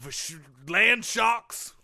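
A man's voice: sits high, very slow, sharp tone, full character voice. A man playing a football player who has become a swamp tour guide, rambling in a put-on Cajun accent. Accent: put-on Cajun (Louisiana). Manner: rambling, folksy, drawling bravado. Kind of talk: improvised sports-radio comedy bit.

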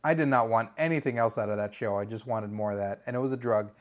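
A man telling a story on a podcast in a casual, animated way, swearing freely and breaking into loud exclamations. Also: fairly low pitch, fast.

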